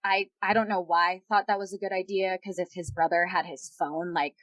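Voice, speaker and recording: A woman's voice: on the low side, fairly quick, dry recording. Candid woman telling a personal story. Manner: candid, animated retelling with quoted dialogue. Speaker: podcast guest. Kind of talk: personal storytelling in a podcast interview.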